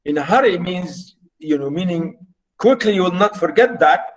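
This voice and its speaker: A man with a high voice and lively intonation teaches literature, going through a play line by line. He repeats and rephrases his points, halting with fillers, and the audio is poor.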